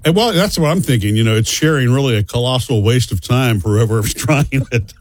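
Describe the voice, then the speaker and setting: A man's voice: medium pitch, animated, brisk, no room sound. A man co-hosting a morning radio show, joking and skeptical in casual banter.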